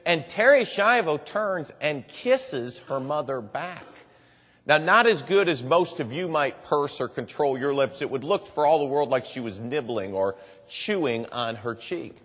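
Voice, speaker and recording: A man's voice: mid-range voice, very animated, normal speed, fairly bright tone. A man telling a story in earnest to a live audience. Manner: earnest storytelling, repeats "and boy". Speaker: public speaker. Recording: long hall reverb.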